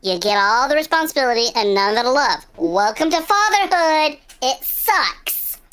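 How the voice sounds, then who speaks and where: A woman playing a tabletop game in character, bossy and exasperated in quick banter. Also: sits high, big pitch swings, fairly bright tone, smooth. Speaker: player. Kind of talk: casual tabletop play, in character.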